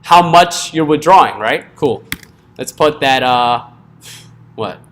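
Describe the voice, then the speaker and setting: A man's voice: mid-range voice, expressive, slow pace, a bit bright, slight background noise. Casual joking coding instructor, man. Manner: casual, joking, checks in with "right?" often. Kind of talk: live classroom coding lesson.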